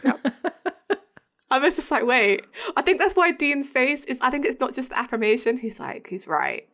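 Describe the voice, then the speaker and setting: A woman's voice: sits high, animated, brisk, fairly bright tone. A young woman co-hosting a podcast, chatting casually, laughing often and quoting characters in put-on voices. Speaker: podcast co-host. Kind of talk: casual chat.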